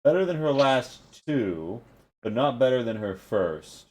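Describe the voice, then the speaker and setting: A man running a tabletop role-playing game as game master, narrating in a halting way with many fillers. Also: medium pitch, sing-song, a little mellow.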